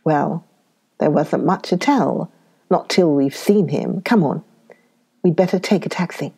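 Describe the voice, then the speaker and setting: A calm young Englishman talks in a dry, matter-of-fact way. A woman voices him in a storybook reading. His voice sits low and mellow. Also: a little slow, vocal fry, breathy edge, heavily acted.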